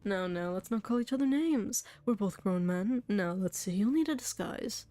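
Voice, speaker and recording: Brief: sly fox lawyer, smooth and wheedling, mellow tone, faint music behind, played by a woman. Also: medium pitch, lively intonation, moderate pace, no room sound, natural voice. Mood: scheming. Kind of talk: game voice acting.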